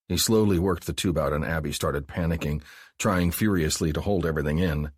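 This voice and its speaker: A man narrating an audiobook in a calm, even storytelling manner. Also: rumbling low, brisk, no room sound, studio quality. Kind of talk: scripted narration.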